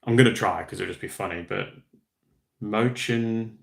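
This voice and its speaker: Male streamer, casual and self-deprecating, deep voice with noticeable vocal fry. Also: fast talker. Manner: rambling, chatty, self-deprecating. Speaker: livestream host. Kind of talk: casual live-stream chat, reading viewer comments.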